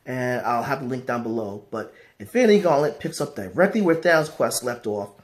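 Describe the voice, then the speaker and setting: Guy rambling thru a comic recap, lots of "you know", normal pitch. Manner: rambling, many fillers like "you know" and "basically". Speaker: comic book vlogger. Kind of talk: casual comic story recap.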